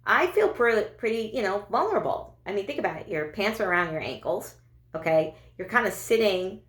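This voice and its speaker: A woman comic talks through a loose stand-up set in a chatty, self-mocking way. She stumbles and restarts often, and her voice sits at an everyday middle pitch. It bounces around an echoey room. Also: animated, fairly quick, a bit bright. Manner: chatty, self-deprecating, many fillers and restarts. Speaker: stand-up comedian. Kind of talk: stand-up comedy monologue.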